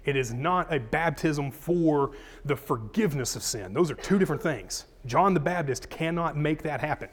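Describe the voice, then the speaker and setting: A man's voice: fairly high pitch, lively intonation, moderate pace, husky. A man, a pastor teaching a sermon, casual and chatty with his congregation, reading scripture with rising emphasis.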